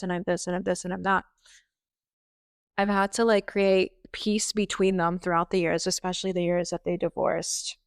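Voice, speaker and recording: A young woman hosts a podcast, talking straight to the listener in a raw, exasperated monologue peppered with swearing. Her voice is smooth and clear, sits at an ordinary middle pitch, and is recorded close and dry with no room sound. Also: dry recording. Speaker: podcast host. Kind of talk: personal monologue.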